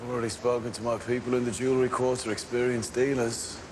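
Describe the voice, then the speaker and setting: An actor playing a cold, calculating male gang leader who speaks in a measured, controlled way. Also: mid-range voice, flat delivery, lightly acted. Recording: film audio with background noise.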